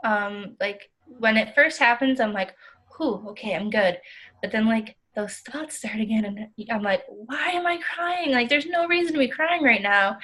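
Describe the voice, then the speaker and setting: A woman's voice: a little high, animated, normal speed, sharp tone, low-quality recording. A young woman playing an overwhelmed, self-critical counseling client, rambling with many "like" fillers in a role-play. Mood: weary, frustrated.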